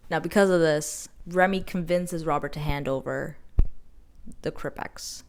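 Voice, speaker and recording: A woman's voice: low-pitched, measured pace. A woman casually retelling a novel's plot with playful, dramatic asides. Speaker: book recap vlogger. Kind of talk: casual storytelling recap.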